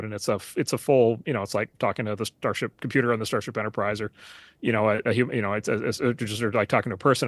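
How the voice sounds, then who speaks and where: Fast-talking man full of fillers. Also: lowish voice, a bit bright, dry recording. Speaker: guest. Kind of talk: casual interview talk.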